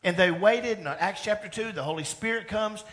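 Male pastor, slightly high voice, animated conversational sermon in a church. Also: a little fast. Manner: animated, conversational preaching with acted-out dialogue. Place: church sanctuary.

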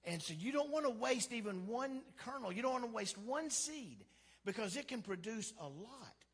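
A man's voice: extremely high pitch, very animated, normal speed, fairly bright tone, breathy edge. A man preaching a sermon as pastor, in a conversational, humorous way that acts out quotes. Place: church sanctuary. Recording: long hall reverb.

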